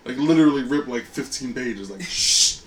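A man co-hosting a podcast, telling a job story in relaxed casual chat with laughs. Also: medium pitch, fairly quick, roomy sound, recorded from a distance, slight background noise. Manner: laid-back storytelling, laughs. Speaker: podcast co-host.

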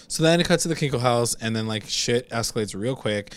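A man's voice: medium pitch, a little fast, few pauses, smooth. Casual man swearing through a show recap. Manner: profane, filler-heavy, acts out quotes.

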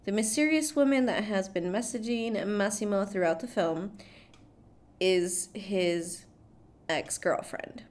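A woman's voice: mid-range voice, takes it slowly. A young woman casually recapping a film plot, chatty and loose. She swears freely and breaks into laughter often. She keeps leaning on "like" and "blah, blah" to skip through the story.

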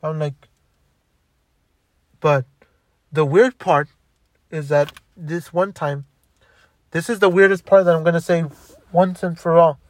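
Young man venting about his past, bitter and profane, rambling, somewhat high pitch, dry recording. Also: fairly even intonation, unhurried, long pauses, darkish tone, dry recording. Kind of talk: angry personal storytelling monologue.

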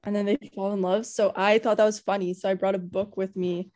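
Young woman, podcast co-host, mellow tone, rambling filler-heavy chat. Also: mid-range voice, flat delivery, brisk. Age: young adult. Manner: rambling and gushing, heavy use of "like". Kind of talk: casual chat.

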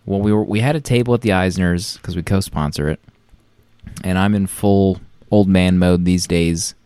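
A man with a very deep voice tells rambling stories on a casual podcast, full of restarts. The sound is dry and close, with no room around it. He sounds like a man in his thirties. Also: moderate pace, dark tone, smooth, no room sound. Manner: rambling storyteller, many restarts. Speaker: podcast co-host. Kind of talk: casual chat.

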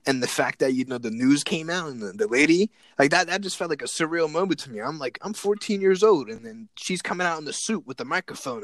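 A young man casually telling a story, animated and excited, repeating words and acting out what people said. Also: on the high side, no echo.

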